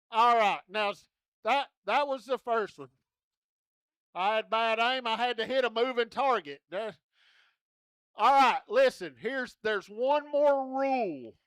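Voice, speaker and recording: A man entertaining a rodeo crowd with a strikingly high voice. He talks slowly and clearly, folksy and joking as he coaxes children along. The sound is close and dry. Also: fairly bright tone, dry recording. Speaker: rodeo entertainer running a kids' contest. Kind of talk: lively arena crowd-work. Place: rodeo arena.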